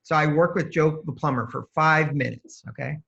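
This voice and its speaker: Gravelly man explaining his healing method. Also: a little high, normal speed, fairly bright tone. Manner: walks through his method step by step, acting out client exchanges. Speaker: holistic energy practitioner, guest. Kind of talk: explanatory interview talk. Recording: dull lo-fi sound.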